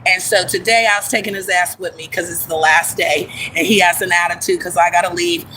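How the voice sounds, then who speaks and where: A woman hosting a casual livestream from her phone, chatting in an animated way and greeting viewers by name. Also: lowish voice, fairly quick, faint music behind, low-quality recording. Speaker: livestream host.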